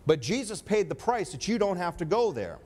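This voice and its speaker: Emphatic preacher, man with higher voice. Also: sing-song, brisk, mellow. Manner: emphatic preaching, asks congregation for amen. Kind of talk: sermon.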